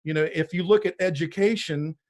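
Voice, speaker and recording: A man's voice: on the high side, a little fast. A personal trainer in his forties speaking as a podcast guest, emphatic and preachy, often repeating words as he builds a point. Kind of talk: conversational interview.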